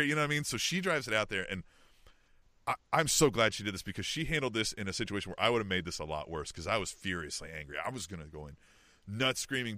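A man's voice: mid-range voice, pushed and bright, dry recording. A middle-aged man from the Kansas City area, co-hosting a podcast and telling a long story in casual chat, peppering it with "you know what I mean" and "right?". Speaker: podcast co-host.

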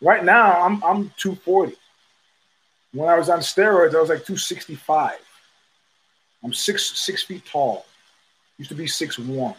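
A man's voice: on the high side, fairly bright tone, rough recording. A middle-aged man hosting a podcast, rambling through casual fight talk with many fillers, restarts and curses. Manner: rambling, halting, with frequent fillers and swearing. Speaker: podcast host. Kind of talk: casual fight commentary monologue.

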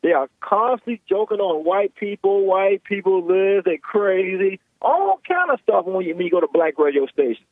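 A man phones in to a talk show with a rather high voice. He rambles, leaning heavily on filler words as he talks. The call comes through a thin, tinny phone line with a dry sound. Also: expressive, normal speed, hardly any pauses, dry recording. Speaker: caller.

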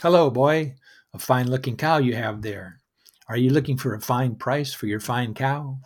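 A man with a husky voice voicing a wily, smooth-talking male merchant in a storybook tale, with a coaxing salesman patter. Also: medium pitch, moderate pace, natural voice.

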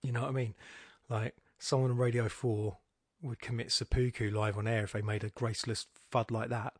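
A man's voice: mid-range voice, flat delivery, brisk, slightly rough, no echo, studio quality. A man hosting a podcast, analysing a poem aloud in a musing, discursive way with wry, self-mocking asides. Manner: musing, thinking aloud with frequent restarts. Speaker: podcast host. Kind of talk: spoken poetry analysis.

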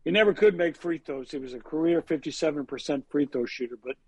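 A fast-talking sports reporter and co-host rambles through stat-packed anecdotes full of fillers on a casual sports talk show. His voice is fairly high, a little mellow and husky, with no echo.

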